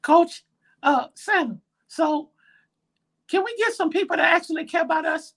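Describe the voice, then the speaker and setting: A whiny little boy fan pleading with Santa, as a woman puts him on. The voice is very high, bright and gravelly, and it rambles on with lively swings. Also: normal speed, a little hiss or hum. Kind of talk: comedy skit.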